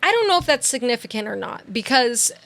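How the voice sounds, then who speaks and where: With a fairly high voice, vocal fry and a fairly quick pace, a young podcast co-host animatedly recounts a true-crime case. She chats casually, saying "like" a lot and acting out what people said.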